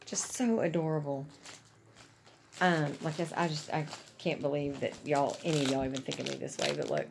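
A woman's voice: sits low, animated, fairly quick, gravelly, noisy background. A woman chatting casually and gushing to her viewers about gifts she is unboxing. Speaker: vlogger.

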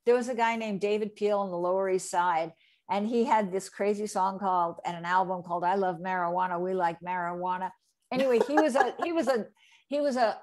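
A woman's voice: mid-range voice, a little mellow. A woman in her sixties from New Jersey, a guest in a casual interview, telling a long anecdote and acting out the people she quotes. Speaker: interview guest, re-recording mixer.

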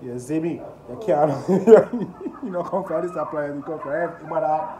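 A Jamaican man hosting a casual music reaction, talking excitedly and often asking "you see me?". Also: a little high, fast talker, crowd noise. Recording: echoey room with background noise.

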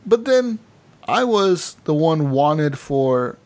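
A man co-hosting a gaming podcast, telling a long story in a loose, animated way, full of fillers and quoted voices. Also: on the high side, slow. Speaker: podcast co-host. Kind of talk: casual gaming podcast chat.

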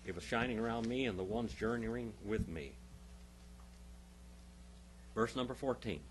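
A man's voice: lowish voice, a little slow, slight background noise. A male pastor teaching a Bible class, emphatic, stopping often to quiz his listeners with questions.

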